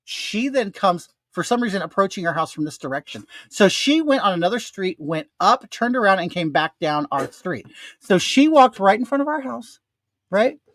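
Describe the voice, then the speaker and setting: An older man telling his audience a story in a casual, animated way, with plenty of swearing and a ranting edge. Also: high-pitched, moderate pace, dry recording.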